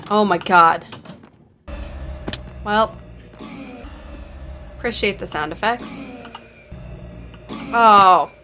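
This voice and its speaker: Slow-talking woman narrating her gameplay. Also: mid-range voice, bright, forceful tone. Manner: exasperated, self-mocking running commentary. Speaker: gaming channel host. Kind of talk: live gameplay commentary.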